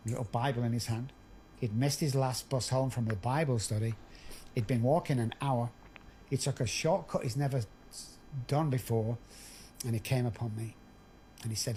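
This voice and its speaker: Middle aged guy on a podcast, medium pitched voice, telling his story straight and a bit rough, does all the voices. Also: a little mellow, a little hiss or hum. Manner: candid, earthy storytelling with quoted dialogue. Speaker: podcast guest.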